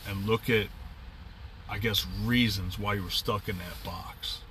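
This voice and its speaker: Middle-aged male podcast host, rambling and upbeat, bright tone, off-mic. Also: on the low side, fairly even intonation, a little slow, far from the mic, a little hiss or hum. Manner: rambling, upbeat, with frequent fillers and restarts. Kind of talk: casual reflective monologue.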